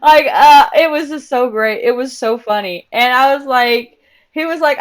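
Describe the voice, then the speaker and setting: A young woman talks casually on a live game stream, her voice sitting a little higher than most. She tells stories in an excitable, chatty way, breaking off now and then to deal with the game. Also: moderate pace. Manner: chatty, excitable storytelling while multitasking in a game. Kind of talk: casual gaming stream chat.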